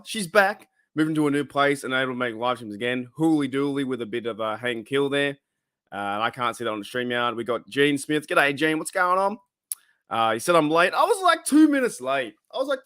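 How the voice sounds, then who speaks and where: A man's voice: medium pitch, fairly bright tone, no room sound, clean studio sound. A man with an Australian accent hosting a casual live stream, rambling with lots of fillers as he greets viewers in the chat. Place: his room at home.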